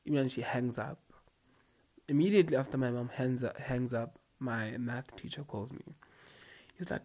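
A young man talks straight to his viewers in a loose, slangy storytime. He rambles through asides and fillers, and his voice sits at an ordinary middle pitch. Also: moderate pace, a little mellow. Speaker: vlogger. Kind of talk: casual storytime monologue.

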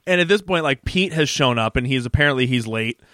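A man's voice: medium pitch, fairly quick, dry recording, clean studio sound. A man co-hosting a podcast, casually recapping a TV episode and acting out the characters' lines. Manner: animated retelling, acts out quotes in character voices. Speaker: podcast co-host.

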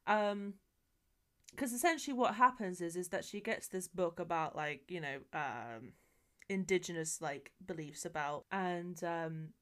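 A woman's voice: lowish voice, a little slow. A woman co-hosting a podcast, casually retelling a film plot with swearing and frequent laughter. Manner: animated storytelling, swears, laughs often. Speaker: podcast co-host. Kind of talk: casual chat.

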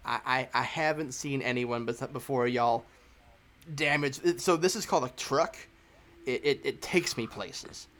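A man voicing a gruff, short-tempered rural Southern truck owner with a Southern US accent, blunt and drawling. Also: medium pitch, measured pace, a bit bright, natural voice. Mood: friendly. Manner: blunt, drawling, swears casually.

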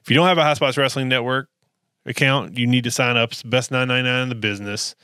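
A man's voice: mid-range voice, fairly even intonation, quick pace, bright, forceful tone, clean tone, no echo, studio quality. A man hosting a podcast, chatting casually and wrapping up the episode with plugs. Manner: brief reactions, plugs the network. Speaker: podcast host. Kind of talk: casual chat and show outro.

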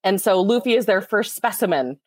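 A woman voice actor chatting casually on a convention panel, a giggly and animated storyteller. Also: mid-range voice, fairly quick, dry recording, clean studio sound.

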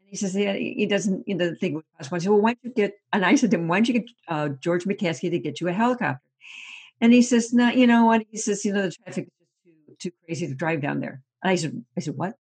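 A woman sports reporter chatting casually and telling animated stories, laughing often and repeating words as she goes. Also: on the low side, quick pace, husky.

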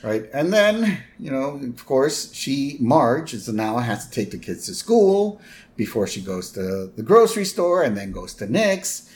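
A man's voice: mid-range voice, sing-song, unhurried, darkish tone. Chatty male podcast co-host. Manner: chatty, checks in with "right?". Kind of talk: casual episode recap.

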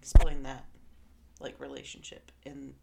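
A woman's voice: rumbling low, flat delivery, measured pace, gravelly, heavy background noise. A woman co-hosting a podcast, joking around in offhand, slangy casual chat. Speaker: podcast co-host.

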